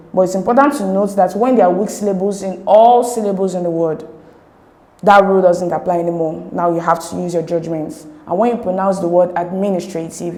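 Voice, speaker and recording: Lady tutor going thru exam answers, low mellow voice, echoey room. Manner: methodical, repeats key words, occasional "um". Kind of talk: recorded lesson explaining exam answers.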